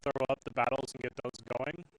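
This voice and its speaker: A man co-casting a live game tournament with quick, brief remarks. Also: medium pitch, steady tone, dry recording, rough recording. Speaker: co-shoutcaster. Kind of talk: esports commentary.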